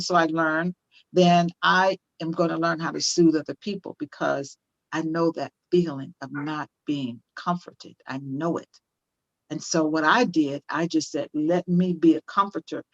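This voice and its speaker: A woman's voice: low voice, fairly even intonation, unhurried, muffled recording. An older woman speaking as an interview guest on parenting, emphatic and repeating phrases for stress. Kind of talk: conversational interview, teaching tone.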